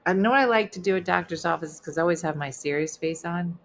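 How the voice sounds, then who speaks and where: A middle-aged woman hosting a casual livestream chat, playful and teasing with deadpan asides. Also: on the low side, quick pace. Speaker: host.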